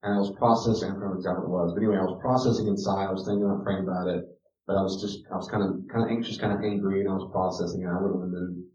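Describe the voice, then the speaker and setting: A low-pitched man teaches parents in a casual, storytelling way, often restarting his sentences and jumping from muttered asides to loud, emphatic points. He sounds distant from the mic, with the room echoing around him. The sound is dull. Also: level tone, racing. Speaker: counselor teaching a parenting class. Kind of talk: informal teaching talk with personal stories.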